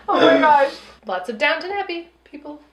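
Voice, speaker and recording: A woman's voice: very high voice, echoey room, background noise. A woman co-hosting a movie podcast, giggly and sarcastic in casual chat.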